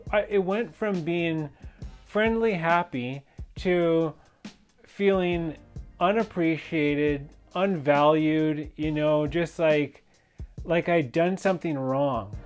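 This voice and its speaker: Intense rambling man, slightly high voice. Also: a little mellow. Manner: intense and emphatic, rambling with many fillers and restarts. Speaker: fitness and yoga instructor sharing personal stories. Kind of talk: personal storytelling monologue.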